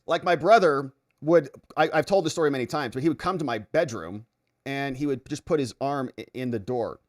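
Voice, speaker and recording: A man's voice: mid-range voice, fairly quick. A middle-aged man hosting a livestream in casual chat, reading viewer comments aloud and telling jokey stories. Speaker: livestream host.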